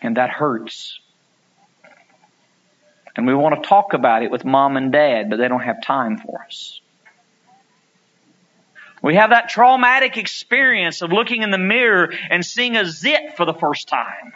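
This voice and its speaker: A man preaching a sermon, telling stories and acting out quotes, climbing to loud pleading peaks. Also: on the high side, animated, a little slow, pauses often, muffled recording.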